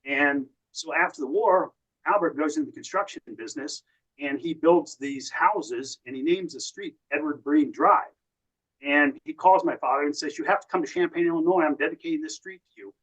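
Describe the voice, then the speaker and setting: A man's voice: fairly high pitch, moderate pace, a bit bright, poor audio. An American man, a podcast guest, telling long family and wartime stories in a casual way, often quoting what others said. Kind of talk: casual storytelling.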